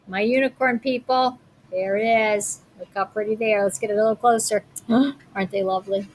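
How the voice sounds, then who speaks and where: A woman teacher reading a picture book aloud and leading a lesson, chatty and animated. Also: medium pitch. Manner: chatty and animated, slows down to read alliterative lines.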